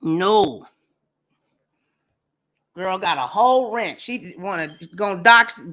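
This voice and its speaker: A woman hosts a casual livestream in a mid-pitched voice. She talks bluntly and profanely, and she tells her stories with animated energy. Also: slow, long pauses. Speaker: livestream host.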